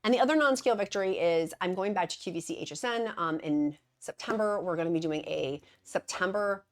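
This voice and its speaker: A woman's voice: on the low side, a little fast. A woman vlogger chatting to her viewers in a rambling way, full of side notes and asides. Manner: addresses viewers as besties. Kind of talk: casual chat to camera.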